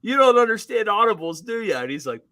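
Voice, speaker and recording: A man co-hosting a podcast, telling stories in casual chat, animated and profane, acting out others in a shouting voice. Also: high-pitched, fast. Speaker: podcast co-host.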